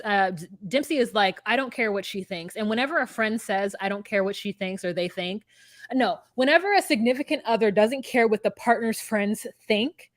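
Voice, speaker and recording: A woman co-hosting a casual recap chat, talking bluntly and profanely in an animated storytelling way. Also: medium pitch, dry recording, clean studio sound. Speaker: podcast co-host.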